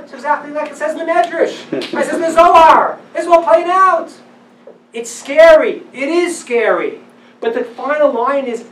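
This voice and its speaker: Animated rabbi lecturing in a roomy hall. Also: male voice, extremely high pitch, normal speed, slight background noise. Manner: animated, emphatic, swings between hushed and loud. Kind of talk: lecture on religious texts to a live audience. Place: event hall with audience. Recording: roomy, distant live-event recording.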